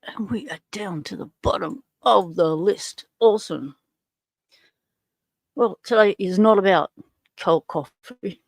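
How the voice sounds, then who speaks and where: A chatty Australian woman runs a casual livestream from home, greeting viewers one by one. She is middle-aged, with a voice at an ordinary pitch for a woman. The sound is dry and close. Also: measured pace, vocal fry, long pauses, dry recording. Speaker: livestream host.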